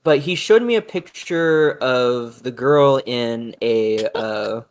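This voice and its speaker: In a casual interview, a male guest with a medium-pitched voice takes his time telling stories. He's hesitant and matter-of-fact, full of fillers and restarts.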